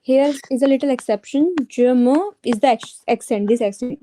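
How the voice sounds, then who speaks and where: A woman's voice: on the high side, moderate pace, few pauses, warm tone, slight background noise, low-quality recording. A woman teaching a French grammar lesson to a student, patiently repeating each conjugation aloud.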